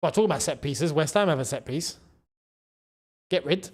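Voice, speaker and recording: A man hosts a live football watchalong and talks to his viewers as the match plays. His voice sits high and swings widely in pitch. He breaks into shouts at goals and near misses. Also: expressive, moderate pace.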